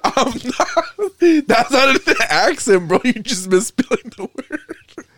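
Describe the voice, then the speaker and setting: Young guy co-host, ribbing his friend, bouncy upbeat pitch, dry close sound. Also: very animated, slow, a bit bright, no room sound. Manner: teasing, laughs a lot, swears casually. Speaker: podcast co-host. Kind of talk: casual chat.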